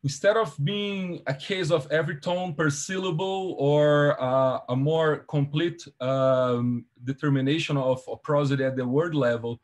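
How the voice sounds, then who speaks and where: A man giving an academic seminar presentation over a video call, walking through his slides step by step in a measured, explanatory way. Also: on the high side, fairly even intonation.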